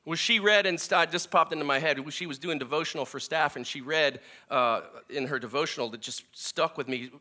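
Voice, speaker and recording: A man preaching a sermon, earnest and emphatic, often restarting his phrases and swinging between loud and soft. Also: a little high, a little fast, hardly any pauses. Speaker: pastor.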